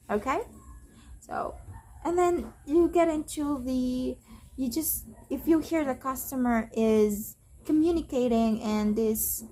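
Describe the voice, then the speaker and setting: A woman's voice: fairly high pitch, slow pace, a little mellow. A woman who is a call center agent and not a native English speaker, giving a casual tutorial and explaining patiently with repeated phrases.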